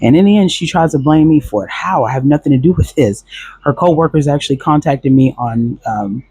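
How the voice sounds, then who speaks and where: A man's voice: a little high, animated, brisk, dark tone, husky, no room sound. A man recounting a past relationship in a casual, rambling storytelling monologue, full of fillers and restarts.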